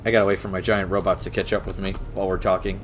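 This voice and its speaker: A man's voice: deep voice, level tone, rapid-fire, slight background noise. A man co-hosting a casual chat about tabletop games, rambling, swearing casually and laughing often. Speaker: podcast co-host.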